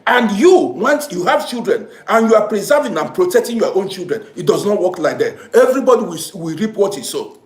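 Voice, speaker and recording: Male commentator, preachy and repetitive, lively delivery, roomy echo. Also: high voice, a little fast. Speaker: social commentator. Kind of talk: impassioned moral monologue.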